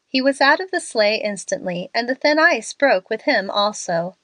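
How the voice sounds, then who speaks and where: A woman narrating a classic story with a lively, expressive voice. She reads clearly, and her pitch sits a touch high. The sound is dry and close to the mic. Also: normal speed, no echo. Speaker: audiobook narrator.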